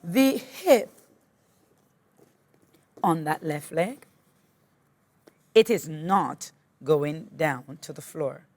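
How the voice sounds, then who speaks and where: Slow, low-voiced woman yoga teacher. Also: sing-song, no room sound. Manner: slow, patient step-by-step cueing; gently encouraging. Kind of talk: guided yoga class instruction.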